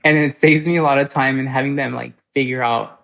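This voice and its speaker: A woman guest telling personal stories in casual podcast chat, animated and full of "like" fillers. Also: very deep voice, gravelly. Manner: animated, fast storytelling with many "like" fillers.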